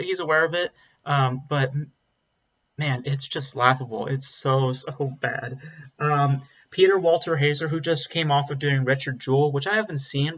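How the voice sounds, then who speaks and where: Male film reviewer, bright forceful voice, blunt and rambling, slightly dull lo-fi audio. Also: medium pitch. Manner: blunt, rambling, frequent ums and restarts. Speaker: movie reviewer. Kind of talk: casual spoken film review.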